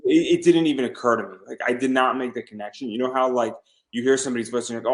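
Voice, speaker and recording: Speaking very fast in a steady tone, a mid-range-voiced man hosts a casual podcast interview. His eagerness comes through alongside frequent stammering and repeated words.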